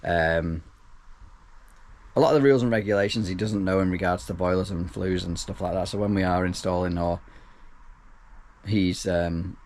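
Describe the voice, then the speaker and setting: A man with a fairly low voice talks through viewer questions in an easygoing vlog. He rambles a little, restarts sentences and drops in dry, offhand remarks. The delivery stays relaxed and unpolished. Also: moderate pace, long pauses. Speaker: self-employed plumber and YouTuber. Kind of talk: casual Q&A vlog.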